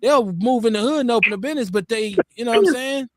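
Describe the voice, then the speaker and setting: A man's voice: very high-pitched, fast, no room sound, studio quality. A man hosting a live talk show, arguing his points earnestly and repeating himself to drive them home. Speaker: host.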